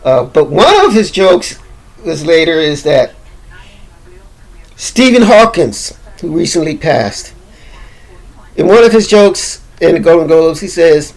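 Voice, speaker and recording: A man's voice: on the high side, expressive, measured pace, vocal fry, a little mellow, low-quality recording. A man giving loose, profane, rambling commentary full of fillers and restarts. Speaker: commentator recapping an awards-show monologue.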